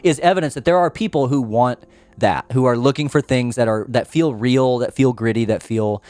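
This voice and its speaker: A man hosting his own show, talking in a loose, rambling way and restarting his sentences often. He sounds earnest and unpolished, and his voice sits at an ordinary middle pitch. The sound is dry and close, with no room echo. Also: normal speed, darkish tone. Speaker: podcast host. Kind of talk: casual rambling monologue.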